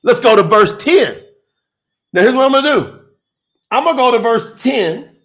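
Preaching a live-streamed sermon, a man speaks emphatically in a high, fairly bright voice with wide swings in pitch. He takes his time, drawing out phrases and addressing his online listeners directly in call-and-response style as he builds his case.

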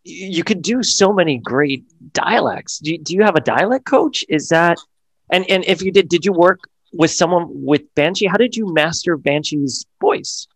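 A man's voice: a little high, animated, moderate pace, dry recording. A man co-hosting a casual interview, eagerly stacking several questions at once. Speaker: interview co-host.

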